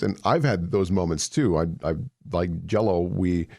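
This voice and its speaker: A man's voice: sits low, a little slow, gravelly, a little mellow, no echo. A young man co-hosting a casual podcast, easygoing and chatty, full of fillers. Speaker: podcast co-host and voice actor. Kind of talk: casual chat.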